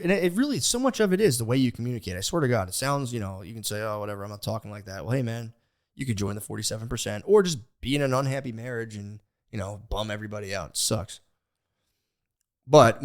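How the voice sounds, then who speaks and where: Rambling, animated young guy podcasting. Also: mid-range voice. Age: young adult. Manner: rambling and animated, swears freely, restarts often. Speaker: podcast host. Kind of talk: casual chat.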